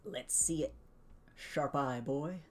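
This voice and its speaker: A man's voice: medium pitch, slow pace. Man running a tabletop game, chatty and laughing. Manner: chatty, laughs often, many fillers and restarts. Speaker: game master.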